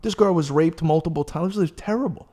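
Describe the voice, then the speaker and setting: A man hosting a podcast, chatting casually and telling a long story in a rambling, profane, animated way. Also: a little high, brisk. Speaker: podcast host. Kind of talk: casual chat.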